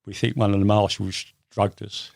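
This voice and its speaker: A man's voice: fairly low pitch, little pitch movement, moderate pace, gravelly, darkish tone, dry recording, studio quality. An older man from England, telling long stories in a rambling, casual way with many fillers. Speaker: guest. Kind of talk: casual storytelling interview.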